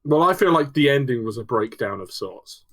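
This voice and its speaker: A man's voice: medium pitch, lively intonation, moderate pace, a bit bright. A young man co-hosting a casual album review podcast, joking crudely and slipping into mock voices. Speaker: podcast co-host.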